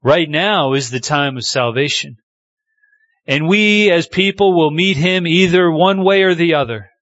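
A man's voice: on the high side, a bit bright, no echo, lo-fi sound. A man preaching a sermon, reading scripture aloud and building emphasis as he speaks. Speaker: pastor.

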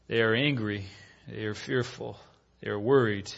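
A man's voice: on the low side, steady tone, normal speed, vocal fry. A man preaching a sermon in an earnest, storytelling way that is full of rhetorical questions. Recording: dull lo-fi recording.

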